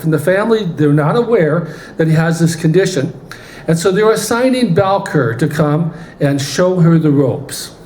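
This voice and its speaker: A man telling a story from the pulpit in an animated way in a church. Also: fairly high pitch, a little hiss or hum. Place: church sanctuary. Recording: roomy church hall, faint ambience.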